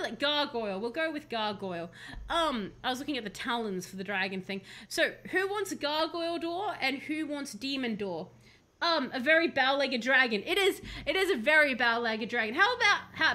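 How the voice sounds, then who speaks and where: A woman's voice: sits high, sharp tone. A young woman streaming a video game, chatting casually with playful, rambling jokes. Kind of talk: casual live-stream chat while playing.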